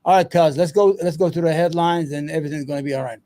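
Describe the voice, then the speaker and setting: A man's voice: fairly high pitch, fast talker, dark tone. A man hosting his own commentary show, talking loosely and profanely, muttering to himself as he searches for things between points. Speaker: solo commentary host. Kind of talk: rambling casual commentary.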